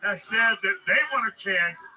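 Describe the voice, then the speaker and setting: A man's voice: high voice, normal speed, bright, forceful tone, poor audio. A man calling a wrestling match as a play-by-play commentator, playful and jokey.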